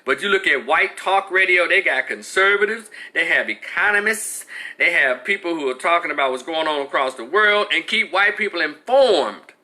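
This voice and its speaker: A man hosting a live stream, giving casual, animated commentary with frequent restarts and answering viewers in the chat. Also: on the high side, normal speed.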